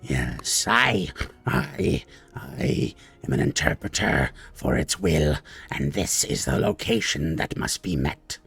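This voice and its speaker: A deep gravelly hungry giant. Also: male voice, big pitch swings, slow, a bit bright, soft background music, heavily acted. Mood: solemn. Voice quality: deep gravelly broken speech. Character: hulking drooling giant knoll, menacing, broken speech.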